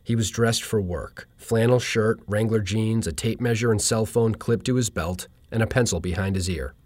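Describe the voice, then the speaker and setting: A man reads his own comic essay aloud in a dry, deadpan manner. His voice sits on the low side, and the recording is close and dry with no room sound. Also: moderate pace, dry recording. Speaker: narrator. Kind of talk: reading a personal humorous essay.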